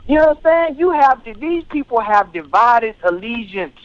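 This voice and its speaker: A man's voice: very high voice, very animated, moderate pace, lo-fi sound. A male radio talk show host giving heated, preachy political commentary and often asking if listeners understand. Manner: fiery, preachy, keeps asking "you understand?".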